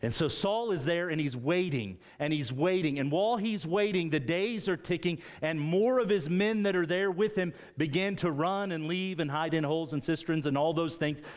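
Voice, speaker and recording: A man preaching a sermon, retelling a scripture story with animated emphasis. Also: on the high side, moderate pace, few pauses.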